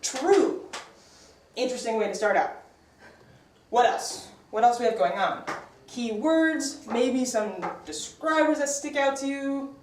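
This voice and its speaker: A woman English teacher leads her class, brisk and upbeat as she fires questions at her students. Her voice sits a little high. She is picked up from across an echoey classroom with a faint hiss underneath. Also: animated, distant mic.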